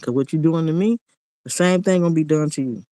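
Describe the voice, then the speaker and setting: A man's voice: fairly high pitch, quick pace, dark tone, no room sound, rough recording. A man, ranting in a casual monologue vlog, blunt and preachy and repeating himself.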